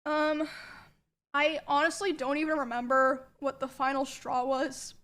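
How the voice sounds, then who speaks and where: A woman quietly recounting a personal experience, subdued and hesitant with many pauses and ums. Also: high voice, level tone. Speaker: streamer telling a personal story. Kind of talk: soft-spoken personal account.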